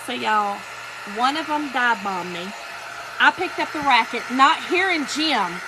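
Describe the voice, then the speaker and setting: Painting on a relaxed livestream, this host speaks in a slightly high voice with lively intonation and a measured pace. She shares a story and welcomes viewers by name over some background noise.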